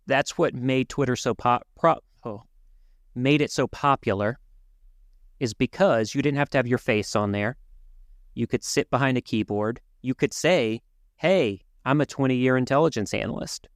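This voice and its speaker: A man co-hosting a podcast, talking through world events in an earnest, measured way with some restarts. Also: mid-range voice, no room sound, clean studio sound. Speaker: podcast co-host. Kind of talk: casual conversational commentary.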